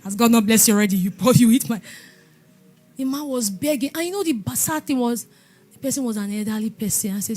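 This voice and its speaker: A woman pastor giving a lively testimony sermon in an animated storytelling manner. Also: on the high side, brisk, faint music behind. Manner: animated storytelling, laughing and exclaiming.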